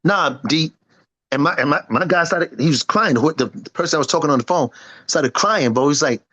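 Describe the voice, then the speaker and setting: A man in his fifties who sings and produces talks fairly quickly in a sharp, slightly high voice, and the recording is rough. It is an animated, casual interview in which he boasts emphatically and acts out his friends' remarks.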